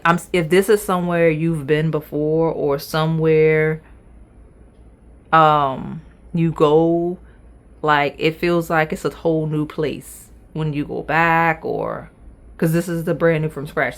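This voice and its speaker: A woman reading tarot cards in a chatty, playful way, talking straight to her viewers. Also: deep voice. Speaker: tarot reader. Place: indoors at a table.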